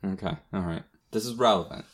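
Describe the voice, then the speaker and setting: A man's voice: low-pitched, a little fast. A man co-hosting a casual podcast, jumping in with questions. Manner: inquisitive, jumps in with questions. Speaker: podcast co-host. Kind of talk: casual chat.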